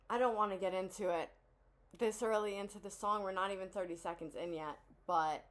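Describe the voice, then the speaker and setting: A woman hosting a casual song reaction video, talking with blunt, profane candor and frequent sighs. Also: mid-range voice. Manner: blunt, candid, profane oversharing with sighs and laughs.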